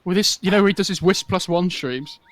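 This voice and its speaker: This male esports caster has a high voice and talks fairly quickly. Live over the match, he chats casually and rambles, leaning heavily on fillers.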